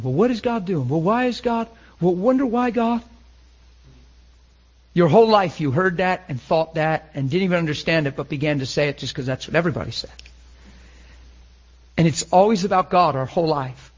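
A man preaching a sermon, emotional, swinging between loud and hushed. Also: fairly high pitch, lo-fi sound.

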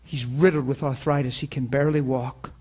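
With a mid-range, slightly breathy and darkish voice, a pastor moves briskly through an informal sermon with fairly even intonation. Students listen in the room and online as he tells earnest, conversational personal stories, closing in prayer.

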